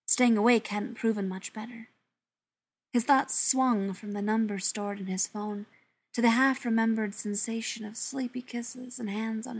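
A woman reading a story aloud in a soft, often half-whispered voice. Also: fairly high pitch, gravelly, breathy edge. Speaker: narrator. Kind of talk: audiobook narration.

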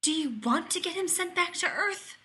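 A woman's voice: extremely high pitch, moderate pace, pushed and bright, voice pushed up. Woman doing a lofty, spluttering male scientist. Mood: indignant. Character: indignant, sharp-tongued male scientist.

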